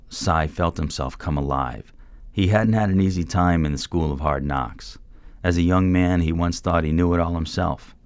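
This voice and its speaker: A man narrating a story in a steady, measured reading voice. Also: rumbling low, no echo. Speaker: audiobook narrator. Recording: dry close-mic recording.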